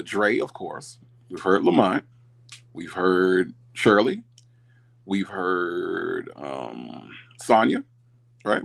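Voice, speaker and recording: Casual livestream host, man, gravelly with a lively pitch. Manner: animated, reads chat comments aloud, repeats himself. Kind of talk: casual live chat commentary.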